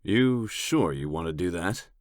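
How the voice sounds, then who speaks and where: A man's voice: low voice, animated, unhurried, no echo, studio quality. A man reading an audiobook, voicing a commanding adult male biker with a firm manner. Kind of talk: audiobook character voice.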